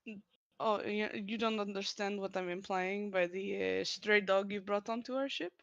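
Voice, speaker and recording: A woman's voice: mid-range voice, steady tone, normal speed, creaky, fairly bright tone, dry recording. A woman playing a tabletop role-play, teasing and probing as she talks, with frequent laughs. Her voice sits mid-range. The recording is dry and dull, as from a modest mic. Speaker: player.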